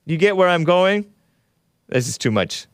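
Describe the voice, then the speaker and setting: A man hosts a live call-in stream, casually reading out viewers' super chats, often laughing, sighing and groaning in disgust. His voice sits high with big pitch swings and a slightly slow pace, recorded in studio quality with no room sound.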